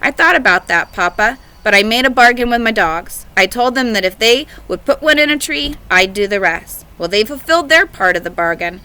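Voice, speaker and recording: A woman voicing an earnest, determined country boy in a storybook reading, in her own bright voice. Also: fairly high pitch, animated, a little fast, few pauses, smooth, low-quality recording.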